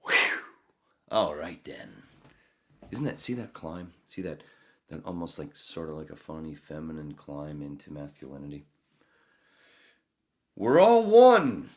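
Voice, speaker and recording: A man hosting a podcast in a rambling, profane casual monologue, now and then jumping into loud high voices. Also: fairly even intonation, normal speed. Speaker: podcast host.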